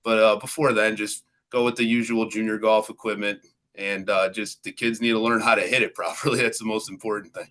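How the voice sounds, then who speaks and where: A man's voice: lowish voice, flat delivery, brisk, a bit bright. A middle-aged man, a golf coach and guest, explaining in an easygoing way and often adding "you know" and "right". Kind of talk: casual interview talk.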